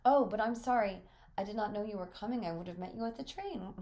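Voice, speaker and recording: A woman reading a courteous teasing gentleman. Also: medium pitch, fast, pitched above the performer's own voice, close to an everyday voice.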